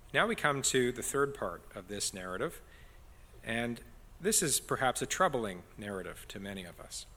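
Bright-voiced preacher in a hall. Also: male voice, fairly low pitch, husky. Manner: earnest, builds emphasis on key phrases. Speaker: pastor. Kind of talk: expository sermon.

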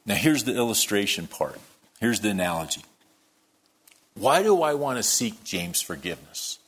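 A man preaching a sermon, telling a story that moves between quiet, hushed lines and loud, worked-up ones. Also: lowish voice, big pitch swings, normal speed, slightly rough. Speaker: pastor.

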